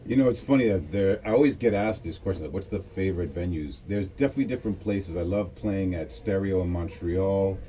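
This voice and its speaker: A man from the United States, a DJ guest in a casual radio interview, talking in a relaxed, reflective way. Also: low voice. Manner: relaxed, reflective, quick to laugh. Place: radio studio.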